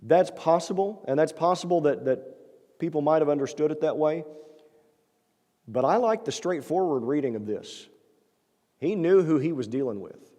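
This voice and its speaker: A man preaches in a church sanctuary, his fairly high voice soft and mellow. He talks earnestly and conversationally, tossing rhetorical questions to the congregation, and his words trail off into a long church-hall reverb. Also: expressive, moderate pace, pauses often. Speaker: pastor. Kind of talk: sermon.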